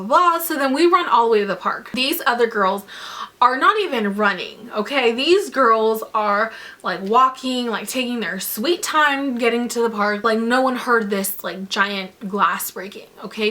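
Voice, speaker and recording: A young woman vlogger telling a story to her viewers in a casual storytime vlog, animated and full of "like". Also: a little high. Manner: animated, filler-heavy retelling with lots of "like".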